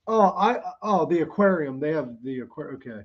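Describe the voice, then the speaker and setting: A man hosting a podcast in casual chat, laughing loudly and swearing freely. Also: high-pitched, dull audio. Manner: loud, laughing, swearing banter. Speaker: podcast host.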